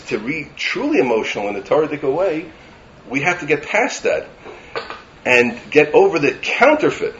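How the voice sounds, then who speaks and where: Rabbi preaching, expressive lively delivery, faint ambient noise. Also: male voice, a little high, highs cut off. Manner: animated, rising to emphatic lists. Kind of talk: sermon.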